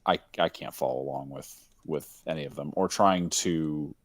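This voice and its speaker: A man's voice: a bass voice, moderate pace. A man with a Texan accent chatting casually on a call, rambling and laughing often. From Texas. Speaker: game developer and host.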